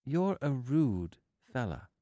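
A man's voice: sits high, wildly swooping pitch, moderate pace, a little mellow, no room sound, clean studio sound, voice pushed up. Man putting on a pert young woman's voice. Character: brisk, teasing young woman. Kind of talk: audiobook character voice.

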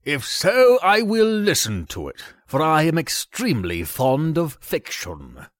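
A man's voice: a little high, wildly swooping pitch, measured pace, no echo, studio quality, pitched above the performer's own voice. A man doing a pompous old water rat. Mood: self-satisfied. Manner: pompous, self-important.

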